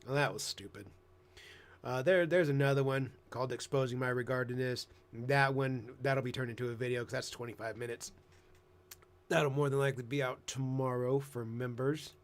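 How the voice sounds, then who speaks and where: A man in a casual reaction commentary, talking in a mocking, sarcastic way. His voice sits at an ordinary middle pitch, and his jokes are crude. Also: steady tone, a little fast. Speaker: commentary host.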